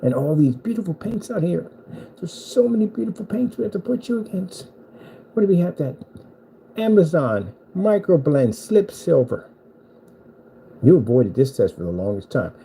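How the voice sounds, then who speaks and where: A man's voice: fairly high pitch, very animated, moderate pace, creaky, mellow, a little hiss or hum, poor audio. A man delivering a boastful, taunting rant at a rival screen maker, repeating himself for emphasis. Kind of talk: trash-talking rant at a rival.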